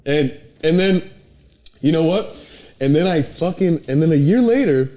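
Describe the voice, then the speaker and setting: A young man hosting a podcast, telling animated stories in casual chat, swearing often and acting out quotes. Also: fairly high pitch, moderate pace. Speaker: podcast host.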